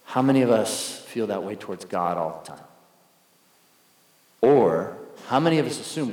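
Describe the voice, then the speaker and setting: A man's voice: fairly low pitch, lively intonation, moderate pace, pauses often, darkish tone. A man preaching a sermon as a pastor, telling stories in a conversational way and acting out the people he quotes. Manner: conversational storytelling, acts out quoted voices. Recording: echoey hall.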